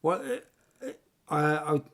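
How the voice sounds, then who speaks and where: A man's voice: on the high side, lively intonation, slow pace, vocal fry, a bit bright. An older man, a retired military mountain rescuer, telling rambling anecdotes in a casual interview, with restarts and bursts of laughter. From England.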